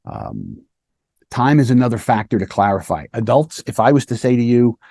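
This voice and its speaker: A man's voice: mid-range voice, huge pitch swings, normal speed, gravelly, warm tone, no room sound, clean studio sound. A man who is a police lieutenant, teaching interview skills in a casual, conversational way and often checking in with "right?". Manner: conversational, keeps asking "right?" to the listener; acts out short quoted lines of officers and children. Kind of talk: casual instructional talk.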